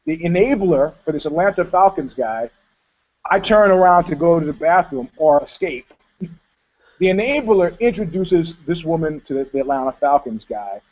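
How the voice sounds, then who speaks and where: A man telling a profane, animated story in a casual chat, laughing along as he goes. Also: fairly high pitch, moderate pace. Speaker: co-host. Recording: dull lo-fi sound.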